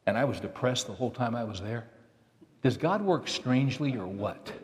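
A man's voice: medium pitch, moderate pace. A middle-aged man, a pastor preaching a conversational, storytelling sermon. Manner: conversational, acts out quoted dialogue with lively shifts. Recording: long reverb of a large hall.

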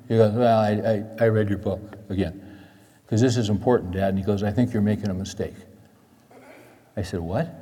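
A middle-aged man tells a story from the pulpit in a low, mellow voice. His delivery is chatty and folksy, and he sounds worn out. His voice rings with the long reverb of a large hall. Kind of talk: sermon storytelling.

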